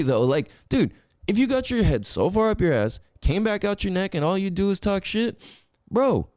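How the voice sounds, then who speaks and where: Animated, profane male podcast host. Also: no echo, clean studio sound. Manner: profane, animated and preachy, swings between loud highs and low drawn-out words. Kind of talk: casual monologue.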